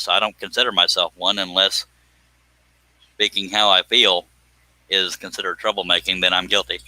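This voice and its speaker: A man chats loosely on a live stream as he works. His voice is very bright and forceful and sits a little low. The sound is dry and close to the mic. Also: dry recording, poor audio. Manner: rambling, folksy, jokey, exclaims "by God". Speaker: livestream host, scroll saw pattern designer. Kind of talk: casual live stream chat while working.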